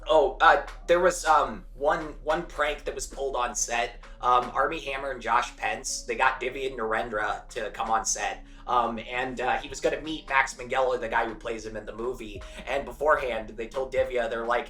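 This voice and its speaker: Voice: mid-range voice, moderate pace, few pauses, sharp tone, echoey room, soft background music. A film podcast co-host telling stories in a chatty way, laughing easily and swearing now and then. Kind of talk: casual film discussion.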